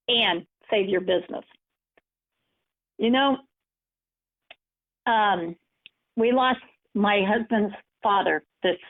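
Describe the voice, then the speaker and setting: A woman empowerment coach giving a webinar presentation, telling personal stories in an encouraging way. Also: mid-range voice. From United States. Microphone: webinar call audio. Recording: phone-like narrow audio.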